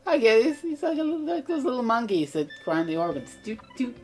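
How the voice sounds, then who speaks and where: A woman's voice: a little high, very animated, normal speed, darkish tone. A woman doing casual let's play commentary, rambling, self-mocking and swearing freely.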